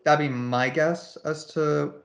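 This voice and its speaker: A man co-hosting a casual gaming podcast, ranting in an animated, exasperated way and leaning on "like" a lot. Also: fairly high pitch, takes it slowly, creaky. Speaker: podcast co-host.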